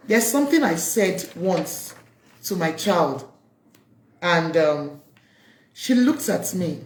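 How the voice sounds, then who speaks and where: A woman giving heartfelt, pleading advice to parents, telling personal stories with many pauses and ums. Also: on the low side, a little mellow. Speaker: parenting speaker. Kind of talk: earnest advice talk to parents. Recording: roomy echo.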